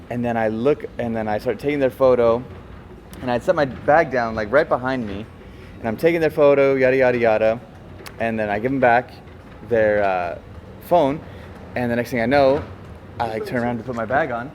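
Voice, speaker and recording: A man who works as a photographer, telling a story in a casual chat, animated, with many restarts and fillers. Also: medium pitch, a little fast, slight background noise. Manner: animated, stumbling retelling with fillers. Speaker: guest, photographer.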